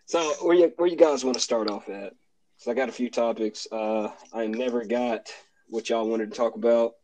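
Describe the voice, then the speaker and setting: A young adult college student hosts a casual podcast chat from a cold room at home, keeping his voice down and laughing often. His medium-pitched voice has a dark tone and normal speed, and the recording is low quality.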